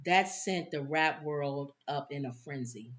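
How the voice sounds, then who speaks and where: A woman co-hosting a casual talk show, telling a story with animated acted-out quotes and frequent laughs. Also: low voice, unhurried. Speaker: co-host. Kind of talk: casual commentary chat.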